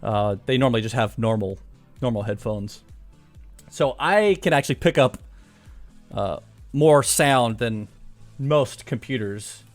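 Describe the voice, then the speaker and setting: A man's voice: medium pitch, measured pace, long pauses. Chatty man hosting a casual live stream. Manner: chatty, laughs often, self-deprecating. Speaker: live streamer and course author. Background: faint background music.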